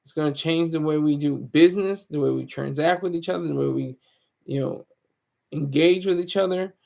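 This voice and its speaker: A man's voice: a little high, moderate pace, creaky, darkish tone. A man talking to his viewers as a YouTuber in a casual, rambling monologue, mocking himself and restarting his sentences often.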